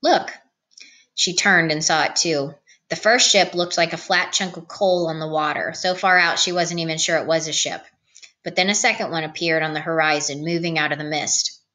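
A woman reading a novel aloud as an audiobook narrator, in a calm, even read-aloud manner. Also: low-pitched, fairly quick. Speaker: audiobook reader. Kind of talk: storybook narration.

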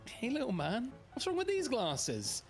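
A man's voice: extremely high pitch, wildly swooping pitch, measured pace, soft background music. A young man bantering during a game, playful and a little whiny, laughing often. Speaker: co-player. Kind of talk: casual gaming banter.

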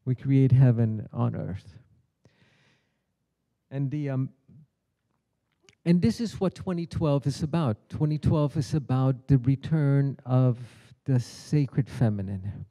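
Bright, tense-voiced man telling a spiritual parable. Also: medium pitch, slow. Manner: storytelling, acts out the characters' lines. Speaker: keynote speaker. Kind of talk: spiritual teaching talk. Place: conference hall.

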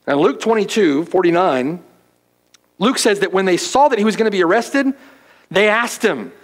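Male pastor, fairly high voice, emphatic expository preaching that turns into quiet prayer. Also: lively intonation, low-quality recording. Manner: emphatic, asks "right?" often; hushed, slow in closing prayer. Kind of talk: expository sermon.

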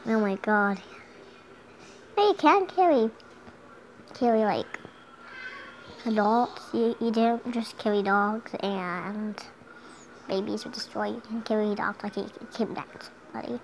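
A young girl chats casually and giggles while playing a game at home, now and then humming along; the voice is a woman's medium pitch, unhurried, with long pauses. The recording is low quality, with a little hiss or hum.

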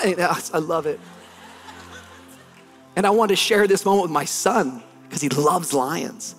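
A man's voice: on the high side, measured pace, long pauses, soft background music. A man in his thirties, a pastor delivering a sermon, telling a story with animation and building to emphatic preaching.

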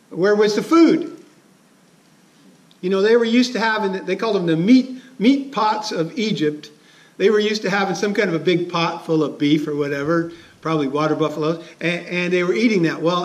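Pastor guy giving a sermon, high voice, chatty, throws questions at the room. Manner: conversational, chuckling, asks the congregation questions.

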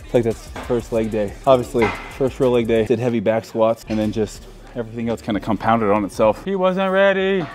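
This fitness vlogger's voice sits on the low side, with a darkish tone and flat, brisk delivery, and soft music plays in the background. Tired from a punishing leg session, he chats casually and cracks self-mocking jokes.

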